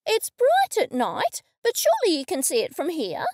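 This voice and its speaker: A woman voicing a fussy, complaining older female neighbour in a storybook reading, with a shrill, nosy, whiny manner. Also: wildly swooping pitch, moderate pace, darkish tone, no echo, clean studio sound, exaggerated voice.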